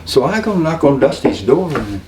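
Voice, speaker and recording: An older man tells folksy, rambling stories in a voice of middling pitch, doubling back and restarting as he goes. He sits well back from the mic in an echoey room, and a faint hum runs underneath. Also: big pitch swings, normal speed, darkish tone, far from the mic. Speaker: interview guest. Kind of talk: storytelling interview.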